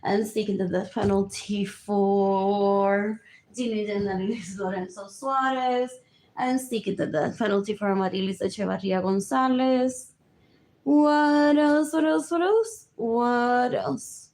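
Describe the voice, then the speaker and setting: A woman's voice: mid-range voice, steady tone, darkish tone. A young adult woman rambling alone on a livestream, switching between English and Spanish, repeating herself and muttering asides. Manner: slow, drifting and repetitive, with muttered asides. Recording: roomy echo.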